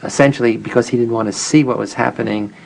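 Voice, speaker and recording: A man's voice: medium pitch, steady tone, quick pace, gravelly, slight background noise, rough recording. A man interviewed for a documentary, telling the story reflectively and acting out the dialogue he quotes. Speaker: interviewee recalling the experiment he ran.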